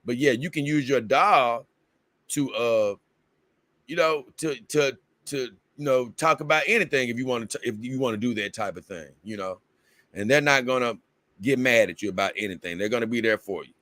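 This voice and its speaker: A man's voice: mid-range voice, normal speed, sharp tone, no echo. A man hosting a livestream in casual chat, reading viewer comments aloud and rambling, with bursts of exasperated confusion. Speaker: livestream host.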